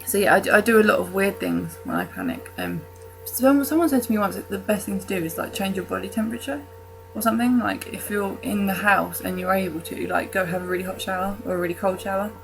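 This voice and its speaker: A woman's voice: medium pitch, expressive, quick pace, gravelly, hardly any pauses, low-quality recording. Rambling young woman vlogger over music. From United Kingdom. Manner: rambling, many fillers and restarts, self-mocking humor. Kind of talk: casual talk to camera.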